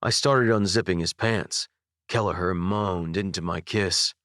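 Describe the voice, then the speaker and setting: A young man narrating a first-person audiobook with intimate, expressive storytelling. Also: low-pitched, a little slow, dry recording, studio quality. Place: dry recording booth. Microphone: studio microphone.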